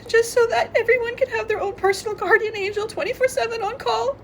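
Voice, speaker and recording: A woman's voice: extremely high pitch, steady tone, fast talker, a bit bright, a little hiss or hum. A woman vlogger talking in a rambling, emotional confessional monologue, tearful and congested, sometimes laughing through her tears.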